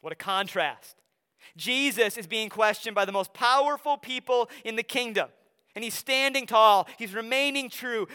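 A young man from Wisconsin with an Upper Midwest accent, preaching a sermon in a conversational way, often dropping soft for emphasis. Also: high-pitched, smooth. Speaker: pastor. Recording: long hall reverb.

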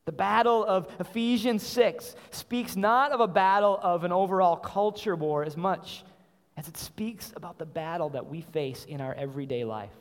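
High-voiced preacher in a reverberant hall. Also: male voice, moderate pace. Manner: earnest preaching with repetitions and rhetorical questions. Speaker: pastor. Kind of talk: sermon.

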